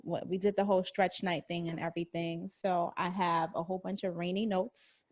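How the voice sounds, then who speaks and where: A woman hosting a casual talk show, bubbly and quick to laugh. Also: on the low side, level tone, dry recording. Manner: bubbly, laughs often, hearty sign-off. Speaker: host.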